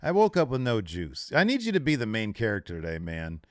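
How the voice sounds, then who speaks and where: Loud, swearing podcast co-host. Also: male voice, on the low side, wildly swooping pitch, brisk, no echo, studio quality. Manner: loud, profane, jokingly berating. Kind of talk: casual live-stream banter.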